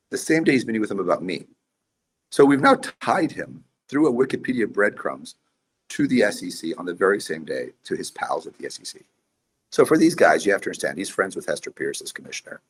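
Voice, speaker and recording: Brief intense male podcast guest, deep husky voice, rapid delivery. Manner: intense, animated storytelling. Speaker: guest, priest and investor. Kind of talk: podcast interview storytelling.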